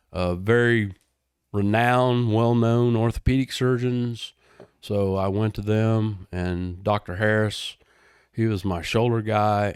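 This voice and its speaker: An older man in his sixties, talking in a low, easygoing voice as an interview guest. His delivery is loose and chatty, full of "man" and "dude" and easy laughs. The sound is dry and close to the mic. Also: darkish tone, clean tone, no room sound. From Texas. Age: 60s. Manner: laid-back, laughs often, says "man" and "dude". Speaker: guest, retired helicopter pilot. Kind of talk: casual interview storytelling.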